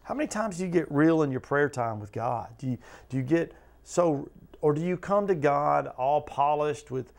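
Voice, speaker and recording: A man's voice: fairly high pitch, lively intonation, normal speed, vocal fry, darkish tone. A man teaching a Bible study as pastor, earnest and conversational, asking his listeners question after question. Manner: earnest, talks to listeners with repeated questions, acts out quotes.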